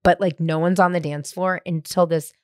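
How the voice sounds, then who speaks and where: A middle-aged woman hosting a podcast, telling an animated, profane story and acting out what people said. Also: lowish voice, normal speed, dry recording, clean studio sound. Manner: animated, profane, acts out quoted lines. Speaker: podcast host. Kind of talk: casual storytelling chat.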